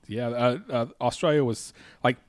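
A male podcast host in easy, rambling chat, full of ums and uhs, his voice sinking softer as each thought winds down. The sound is dry and close, with no room around it. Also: mid-range voice, fairly even intonation, moderate pace, no echo. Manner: rambling, filler-heavy, trailing off quietly. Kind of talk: casual chat.

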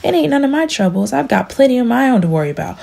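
Self-pitying old farmer, read by a woman, pleading, husky and gravelly. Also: fairly high pitch, sing-song, quick pace, a little mellow, voice pushed up, full character voice. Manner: pleading, complaining delivery. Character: aging male poor farmer, self-pitying and whiny.

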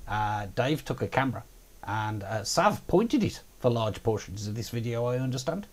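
A man's voice: mid-range voice, big pitch swings, moderate pace. A man hosting a show, chatting in a wry, self-mocking way. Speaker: show host. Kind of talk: casual studio chat.

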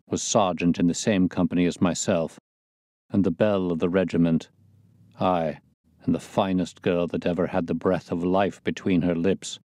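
A man reading a bitter, crippled old ex-soldier, slow and brooding, in an audiobook. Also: low-pitched, darkish tone, no echo, natural voice.

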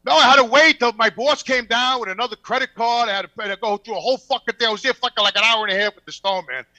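A man's voice: very high-pitched, very fast, dry recording. A man, telling a profane story on a podcast. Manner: profane, animated, quotes people in put-on voices. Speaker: regular podcast guest. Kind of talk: casual storytelling.

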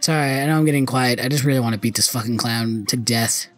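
A man's voice: mid-range voice, fast talker, faint music behind. A young man commenting on his own gameplay, frustrated and cursing often. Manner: frustrated, swearing, muttering.

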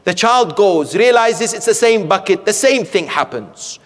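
A man's voice: high voice, expressive, measured pace. A man giving a sermon from the pulpit, telling stories and often asking rhetorical questions of the audience. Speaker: sheikh preaching. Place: community centre hall, from the pulpit. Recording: long hall reverb.

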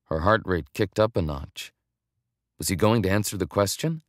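A man narrating a romance audiobook in a deep voice. His reading is measured and even, recorded close and dry. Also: no room sound.

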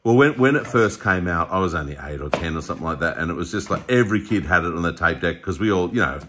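A man's voice: low-pitched, lively intonation, quick pace, background noise. An Australian man in his forties, chatting casually and telling stories, laughing often and acting out voices. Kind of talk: casual chat.

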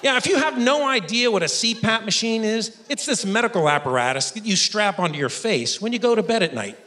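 A man in his fifties doing live stand-up comedy on stage, animated and self-mocking. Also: high voice, fairly quick. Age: 50s. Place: stage before a live audience. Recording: echoey stage room with audience.

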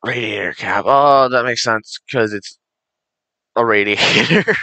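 A man's voice: medium pitch, slow, bright, forceful tone, no room sound. A teenage young man rambling enthusiastically while commentating a racing game he is playing. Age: late teens. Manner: rambling, enthusiastic, many restarts and fillers. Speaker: gaming channel host. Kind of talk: casual let's-play commentary.

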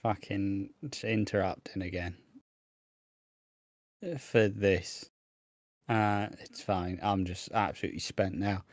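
A man's voice: low-pitched, level tone, slow, long pauses, dry recording. Sweary exasperated man on a dry mic. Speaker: podcast co-host. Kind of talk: casual chat recapping a soap.

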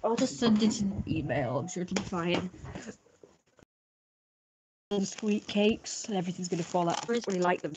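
A woman's voice: lowish voice, normal speed, pauses often, noisy background. Chatty woman rambling on stream. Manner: rambling, chatty, restarts and corrects herself. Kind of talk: casual chat.

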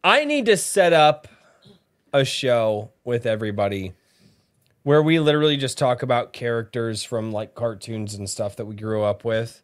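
A man's voice: medium pitch, normal speed. A man hosting a casual live-streamed podcast, rambling and swearing as he chats with his co-hosts. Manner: rambling, profane, lively. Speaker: podcast host.

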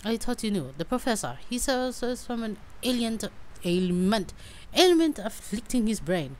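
A woman's voice: on the high side, very animated, normal speed, voice pushed up. A woman voicing a flustered older female housekeeper in a game, fussy and apologetic.

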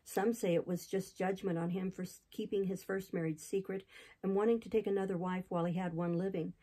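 A woman's voice: lowish voice, fairly even intonation, brisk, warm tone, lightly acted, rough recording. A woman reader voicing a talkative, gossipy older male innkeeper who tells a long tale in a rambling, chatty way, for a classic novel audiobook.

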